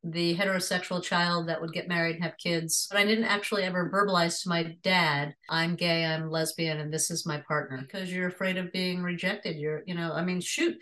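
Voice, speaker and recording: Frank, low-voiced woman in her sixties. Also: steady tone, a little fast, hardly any pauses, fairly bright tone, poor audio. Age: 60s. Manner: frank, conversational. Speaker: retired teacher, interviewee. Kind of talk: personal storytelling.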